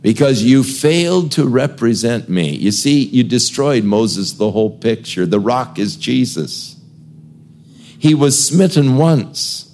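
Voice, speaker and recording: Slow, conversational male pastor for sermon reading. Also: mid-range voice, darkish tone. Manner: conversational storytelling preacher. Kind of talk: expository sermon.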